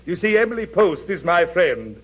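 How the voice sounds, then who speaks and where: An actor playing a sly, hungry male wolf who talks like a smooth, wisecracking suitor, in 1940s radio comedy. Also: high-pitched, very animated, normal speed, narrow, tinny audio, a little hiss or hum. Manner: wisecracking, mock-gallant.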